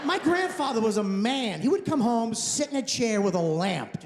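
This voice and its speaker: A man in his thirties doing a stand-up set in a comedy club, ranting sarcastically and mocking people with quick impressions. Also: very high-pitched, sing-song. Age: 30s. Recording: live hall reverb, faint noise.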